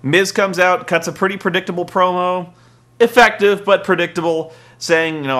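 A man hosting a comedic wrestling recap, sarcastic and profane with deadpan jokes. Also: high voice, moderate pace. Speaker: podcast host.

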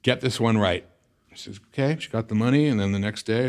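Speaking at a normal speed, this middle-aged San Fernando Valley, California man tells a story as an interview guest. He performs old conversations with lively energy, and his voice jumps up sharply whenever he gets excited.

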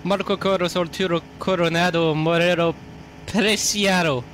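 A man's voice: high voice, fairly even intonation, normal speed, fairly bright tone, soft background music, voice pushed up. A man putting on a New York Italian mafia accent, playing a bossy mobster who scolds a chihuahua in a sing-song way. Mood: scolding. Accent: put-on New York Italian mafia.

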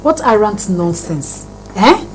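A woman's voice: medium pitch, sing-song, slow pace, slight background noise, rough recording. An actress playing a proud, protective middle-aged mother who soothes her daughter. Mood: motherly.

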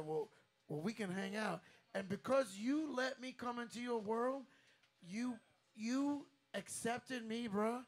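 Bright, high-voiced man, earnest and halting. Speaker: drummer, guest on stage. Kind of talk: onstage tribute speech. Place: live music bar stage. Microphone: handheld stage mic.

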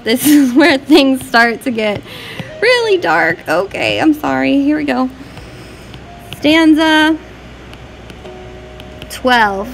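A woman teacher works through a poem with her class, chatty and lively, posing questions. Her voice sits fairly high. Soft music plays faintly in the background. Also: creaky, low-quality recording. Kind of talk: lesson annotating a poem.

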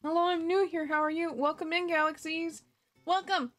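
A woman's voice: very high-pitched, fairly even intonation, moderate pace, fairly bright tone, faint music behind. A woman streamer chatting casually and giggling often as she plays a cozy life-sim game and greets her chat. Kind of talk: casual gaming livestream chat.

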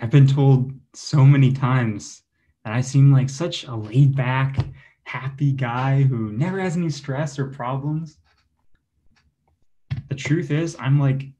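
Slow self-deprecating young man comic. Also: medium pitch, dark tone. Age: young adult. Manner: self-deprecating, chuckles between jokes. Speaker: stand-up comedy student. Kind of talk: stand-up comedy set. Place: online show, home setup.

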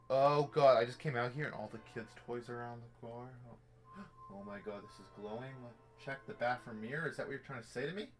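A young man giving live commentary on a virtual reality horror game, jumpy and jokey, swearing as he talks to himself. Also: fairly low pitch. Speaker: gameplay streamer. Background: faint game music.

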